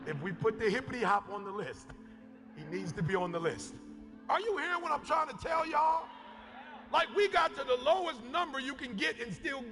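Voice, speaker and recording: Fiery high-voiced preacher man, shouting. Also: lively intonation, moderate pace. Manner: fiery, shouting, repeating phrases and calling on the crowd. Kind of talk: impassioned motivational sermon. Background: background music.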